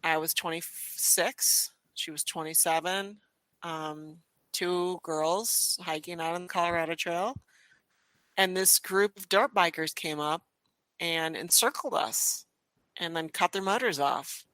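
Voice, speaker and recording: A young adult woman chatting as a podcast guest and telling stories in a lively way, with lots of restarts and "you know.". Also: lowish voice, unhurried, no room sound, rough recording. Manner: animated storyteller, frequent restarts and "you know". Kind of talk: casual conversation.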